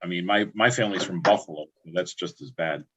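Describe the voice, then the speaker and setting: A man's voice: deep voice, fast talker, lo-fi sound, noisy background. A man from upstate New York chatting casually on a livestream, rambling and restarting his words often. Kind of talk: casual chat.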